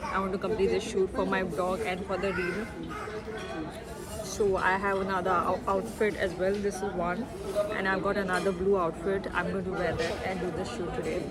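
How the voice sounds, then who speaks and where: A young woman, chatting excitedly to viewers in a casual travel vlog. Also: medium pitch, moderate pace, a loud crowd. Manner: chatty and excitable, keeps addressing viewers as guys. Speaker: travel vlogger. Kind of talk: casual vlog talk to camera. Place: resort villa and restaurant in hot weather.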